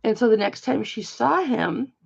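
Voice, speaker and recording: A woman's voice: a little high, lively intonation, moderate pace, creaky, darkish tone, breathy edge. An older woman telling a rambling personal story in a chatty, casual way, full of asides, on dull lo-fi audio. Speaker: live auction host.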